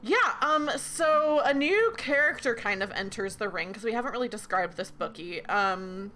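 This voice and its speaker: Woman game facilitator, bright voice, lively pitch, chatty, faint noise. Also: moderate pace. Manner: chatty, many ums and likes, giggly. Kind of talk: running a tabletop role-playing game.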